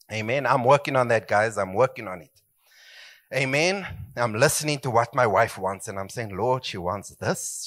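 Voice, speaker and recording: A man's voice: mid-range voice, pushed and bright. A middle-aged man preaching a sermon as pastor, emphatic and swooping, calling for amens.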